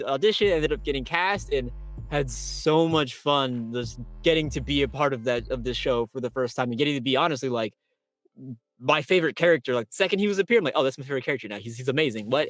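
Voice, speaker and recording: Excitable male voice actor telling stories. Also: fairly quick, faint music behind. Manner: excitable, quotes himself with big pitch jumps. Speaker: voice actor guest. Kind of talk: animated storytelling in an interview.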